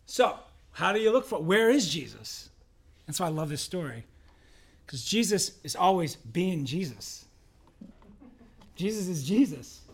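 High-voiced pastor preaching casually. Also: male voice, sing-song, a little slow, gravelly, pauses often. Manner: conversational, humorous, acts out voices in quotes. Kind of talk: sermon. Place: church.

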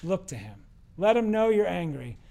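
High-voiced man preaching a conversational sermon. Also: normal speed, gravelly. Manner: conversational, animated storytelling with acted quotes. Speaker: pastor.

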